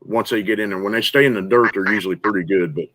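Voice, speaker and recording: A man's voice: lowish voice, quick pace, fairly bright tone, no echo, low-quality recording. A man, rambling in casual, folksy chat.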